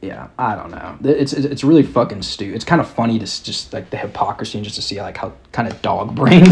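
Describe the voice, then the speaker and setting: A man's voice: lowish voice, animated, quick pace, few pauses, darkish tone. A young man hosting a podcast, ranting casually in a mocking, exasperated way and swearing constantly. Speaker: podcast host. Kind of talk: casual rant.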